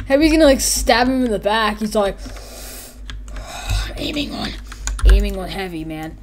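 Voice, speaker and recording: A woman giving casual, rambling gameplay commentary as a YouTuber, excitable and quick to act out characters and sound effects. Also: mid-range voice, a little hiss or hum. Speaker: gaming YouTuber.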